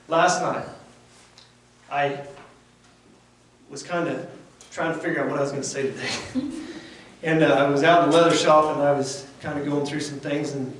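A man's voice: fairly high pitch, fairly even intonation, moderate pace, long pauses. A man giving a conversational devotional sermon as a lay preacher, earnest and plainspoken in a folksy way. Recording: very echoey room from far off, faint background noise.

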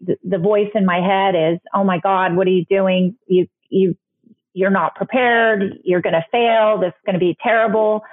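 Candid woman on a phone-like line. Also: mid-range voice. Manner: candid, many restarts and fillers. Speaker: guest, author. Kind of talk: interview storytelling.

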